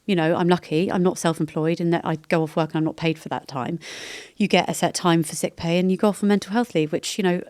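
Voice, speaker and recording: A woman's voice: lowish voice, fairly even intonation, fast, few pauses, a little mellow, dry recording. A British woman in her thirties, a podcast guest, talking candidly in a chatty, rambling way that often interrupts itself. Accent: British English. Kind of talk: candid casual chat.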